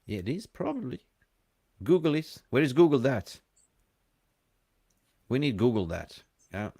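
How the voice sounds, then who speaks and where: A man hosting a live call-in show, chatting casually and rambling, quick to laugh. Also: medium pitch, very animated, gravelly, mellow, husky, no echo, studio quality.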